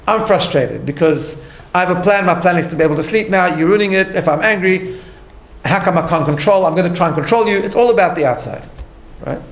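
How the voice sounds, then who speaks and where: A man's voice: sits high, fairly quick, roomy sound. A man teaching a class, explaining his ideas step by step and often checking in with "right?". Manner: earnest, explains step by step, tags lines with "right?". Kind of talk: recorded class lecture.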